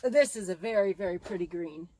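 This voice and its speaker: A woman's voice: mid-range voice, fairly quick, mellow, a little hiss or hum. A middle-aged woman hosting a bag-making vlog, chatting in a rambling, gushing, exclamatory way as she shows off her materials. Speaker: bag-making channel host. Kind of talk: casual show-and-tell vlog.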